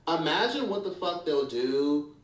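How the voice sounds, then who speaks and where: A man's voice: a little high, sing-song, a little slow, recorded from a distance. Man, commentary YouTuber, frank and foul-mouthed storyteller, echoey room, set back from the mic. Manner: candid, profane and blunt.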